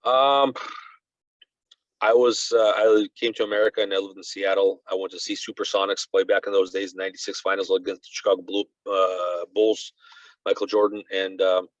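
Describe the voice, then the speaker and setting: A low-voiced man from Russia, whose first language is Russian, talks as a podcast guest. He tells his stories in an animated, rambling way, dropping "you know" into nearly every thought. The recording sounds dry and a little dull and lo-fi. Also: moderate pace, no echo. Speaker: guest reporter. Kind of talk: casual conversational storytelling.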